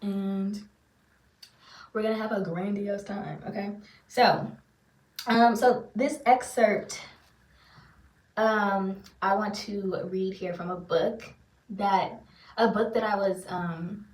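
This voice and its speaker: A woman's voice: mid-range voice, steady tone, slow pace, pauses often, a little mellow. Chatty woman in a roomy room. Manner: chatty, loose and self-deprecating, filler-heavy. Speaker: spiritual reader and channeler. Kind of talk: casual rambling monologue to viewers. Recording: roomy sound, far from the mic.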